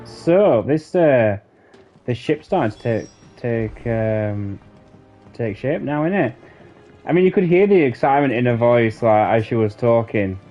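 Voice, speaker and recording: Chatty gaming streamer. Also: male voice, mid-range voice, animated, measured pace, dark tone, lo-fi sound, faint music behind. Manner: chatty, musing, many fillers. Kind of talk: let's play commentary.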